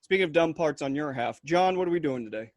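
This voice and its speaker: A man's voice: on the high side, expressive, fast, no echo, studio quality. A man co-hosting a podcast, chatting casually with a teasing, joking manner. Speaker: podcast co-host.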